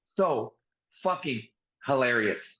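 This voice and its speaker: A man co-hosting a wrestling review show in casual chat, loud and animated. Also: mid-range voice, takes it slowly, dull audio, crowd noise. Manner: loud and animated, shouting mock impressions. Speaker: podcast co-host.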